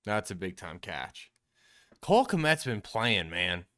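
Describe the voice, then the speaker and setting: A man with a bright, forceful voice talks through football film like a coach. His tone is crisp and smooth as he walks the audience through each play step by step, addressing them as his team in a relaxed, chatty way. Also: fairly low pitch, slow pace. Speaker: quarterback trainer and show host. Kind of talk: casual football film breakdown commentary.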